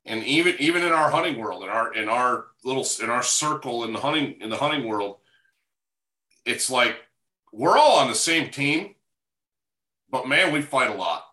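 A man's voice: mid-range voice, lively intonation, normal speed, pushed and bright. A man in casual conversation, agreeing and reflecting emphatically. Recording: echoey room.

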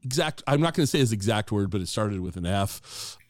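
A middle-aged man with a fairly low voice tells a long, casual anecdote at a brisk pace, acting out the dialogue with animation. He speaks conversationally, with fillers and restarts, and there's slight background noise.

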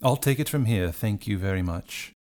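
Player, man, somewhat low voice, chatty and thinking aloud. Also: animated, moderate pace, a little mellow. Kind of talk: casual tabletop game play.

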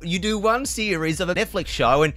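A man's voice: high voice, a bit bright. Joking Australian radio host man. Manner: joking, teasing, quick chatter. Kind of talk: playful radio interview.

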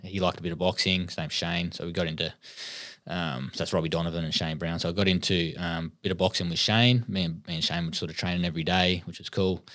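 A very deep-voiced young Australian man speaks with an Australian accent, relaxed and easygoing, dropping swear words and laughing between lines. The sound is dry and close, with no room around it. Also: no echo. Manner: laid-back, swears freely, laughs often. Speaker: podcast guest. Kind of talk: casual storytelling interview.

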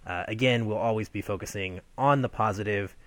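A man's voice: lowish voice, fairly quick, fairly bright tone, no echo. A man co-hosting a podcast, laying out the episode format in an orderly, step-by-step way. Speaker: podcast co-host. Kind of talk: scripted-sounding episode intro.

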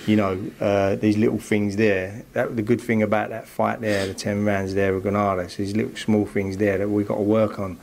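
Analyse d'après-combat, débit hésitant, léger bruit ambiant. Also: male voice, lowish voice, flat delivery, moderate pace, creaky, hardly any pauses, darkish tone, slight background noise. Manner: rambling, many fillers. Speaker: boxing trainer. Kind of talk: post-fight analysis.

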